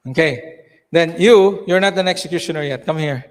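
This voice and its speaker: A man's voice: fairly high pitch, moderate pace. A man narrating a live church skit and coaching volunteers on stage, with a frequent "okay". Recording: echoey hall reverb.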